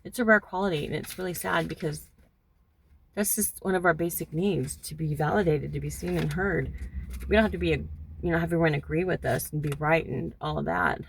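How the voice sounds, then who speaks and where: A middle-aged woman talking through a personal monologue, halting and reflective with many pauses and fillers, recorded in a car. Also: low voice, creaky, a little hiss or hum. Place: in a hot car.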